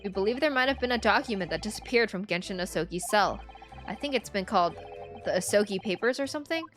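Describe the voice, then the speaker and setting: A woman's voice: medium pitch, expressive, fast, faint music behind, natural voice. A woman voicing a polite, earnest young male defense lawyer in a near-everyday voice.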